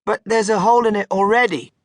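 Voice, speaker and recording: A man's voice: sits high, fairly even intonation, quick pace, dry recording, voice pushed up, lightly acted. A man voicing a polite, curious young boy who asks earnest questions, read for a storybook.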